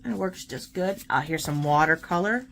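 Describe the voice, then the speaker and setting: A woman's voice: low-pitched, expressive, moderate pace, creaky, fairly bright tone, slight background noise. A woman hosting a casual art tutorial, chatting and encouraging while she demonstrates paint pens.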